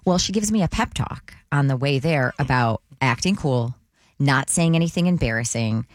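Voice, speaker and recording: A woman co-hosting a morning radio show, telling a family story in lively casual chat. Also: a bass voice, moderate pace, no room sound, clean studio sound. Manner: animated storyteller.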